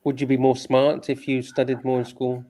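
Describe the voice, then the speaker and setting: A man co-hosts a loose livestream chat in a mid-pitched, ordinary voice. He talks with animated energy, slides into rants and laughs easily. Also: normal speed. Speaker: co-host.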